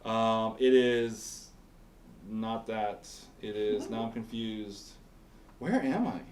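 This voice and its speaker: A man's voice: lowish voice, takes it slowly, a little mellow, slight background noise. A man hosting a casual quiz game, teasing and rambling in playful banter. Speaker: pastor and show host. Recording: echoey room.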